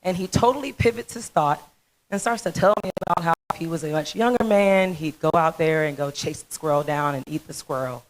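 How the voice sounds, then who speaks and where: A woman in her thirties giving a humorous storytelling speech at a festival, animated and chatty with asides. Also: sits low, fairly quick, rough recording. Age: 30s. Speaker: speaker at a dental festival talent show.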